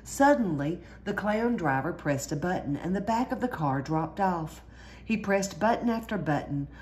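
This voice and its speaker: Lady reading a kids storybook out loud, kinda low voice, lively. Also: normal speed, a little hiss or hum. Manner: lively read-aloud, jumps higher for squeals and cries. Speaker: storyteller reading a picture book. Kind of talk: storybook read-aloud.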